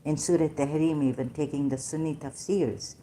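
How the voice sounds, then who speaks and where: A woman in an unscripted debate, talking hesitantly with many fillers and restarts, and admitting she gets hyper and struggles to keep her voice gentle. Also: deep voice, steady tone, moderate pace, a little hiss or hum. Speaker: debater in an online religious discussion.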